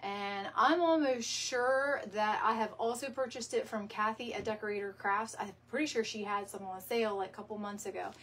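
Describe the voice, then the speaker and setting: A woman's voice: medium pitch, moderate pace, few pauses, fairly bright tone, husky. Chatty woman doing a crafts tutorial. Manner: chatty, rambling, says y'all, laughs easily. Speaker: DIY decor video host. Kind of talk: casual craft tutorial chat. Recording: somewhat distant mic with faint room ambience.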